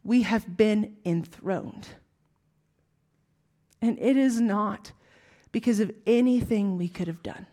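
A woman with a Southern US accent preaching a sermon, with emphatic rising lines and hushed, whispered asides. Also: medium pitch, slow pace, pauses often.

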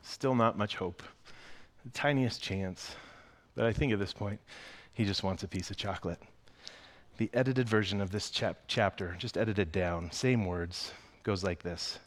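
A man's voice: on the low side, a little slow. Conversational male pastor. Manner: conversational, expressive storytelling. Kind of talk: sermon with story reading.

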